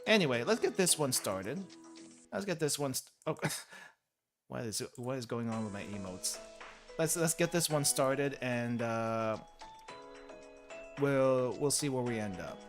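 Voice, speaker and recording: A man's voice: medium pitch, animated, a little slow, pauses often. Rambling young male gaming streamer. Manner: rambling, self-correcting, laughs often. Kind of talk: casual gameplay commentary. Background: game music.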